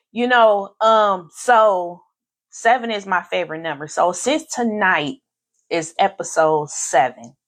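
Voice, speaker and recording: Slow-talking effusive woman host. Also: fairly low pitch. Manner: effusive, repeats phrases for emphasis; grateful, faith-filled. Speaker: podcast host. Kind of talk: casual live-stream talk.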